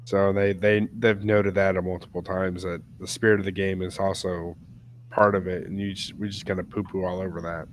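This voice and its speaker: A man's voice: sits low, flat delivery, a little fast, slight background noise. A man co-hosting a live hobby gaming show, chatting casually and restarting his sentences. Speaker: podcast co-host. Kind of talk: casual live-stream chat.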